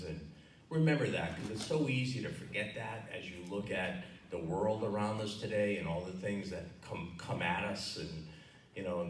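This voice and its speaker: A man's voice: low voice, slight background noise. A man in his sixties with a Connecticut accent, giving a casual, rambling acceptance speech at a dinner, full of fillers. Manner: conversational, rambling with many fillers. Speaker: hall of fame inductee giving acceptance speech. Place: banquet hall. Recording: echoey hall, recorded from far off.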